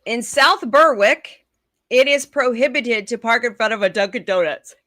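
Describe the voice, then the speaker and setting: A woman host in casual chat, reading odd news items aloud with quick asides and laughs, a little sleepy and yawning. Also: a little high, fairly bright tone, no room sound, studio quality.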